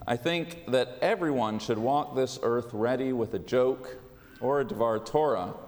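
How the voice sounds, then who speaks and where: A man giving a sermon as a rabbi, with a measured, wry delivery. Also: medium pitch. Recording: long hall reverb.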